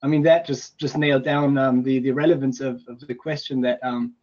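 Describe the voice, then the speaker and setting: A man's voice: mid-range voice, fairly even intonation, a little fast, a little mellow. A man taking part in an online seminar, giving his view casually with hedges and "um". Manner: casual, hedging with fillers. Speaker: participant. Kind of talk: academic webinar discussion. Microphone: video call. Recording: dull, lo-fi video call audio.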